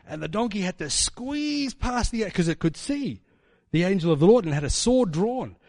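A man preaches in a relaxed, conversational way, dropping fillers and tag questions as he tells the story. His voice sits a little high for a man. The sound is dry and close. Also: moderate pace, creaky, dry recording. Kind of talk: sermon storytelling.

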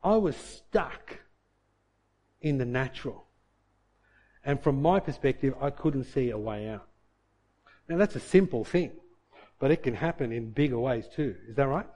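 Man preaching a sermon, mellow voice. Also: expressive, unhurried, long pauses. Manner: storytelling, acts out his own inner grumbling in a low mutter. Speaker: pastor. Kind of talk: sermon with a personal story.

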